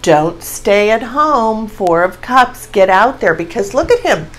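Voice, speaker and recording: A woman in her sixties giving a casual tarot reading to camera, excitable and gushing as she exclaims over each card. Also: mid-range voice, unhurried, rough recording. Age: 60s. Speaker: tarot reader.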